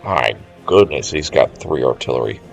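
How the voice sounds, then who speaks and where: Low-voiced man musing through a strategy game. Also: expressive, normal speed, vocal fry. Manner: thinks aloud, musing to chat. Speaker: game streamer. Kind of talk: casual gameplay commentary. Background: faint game music.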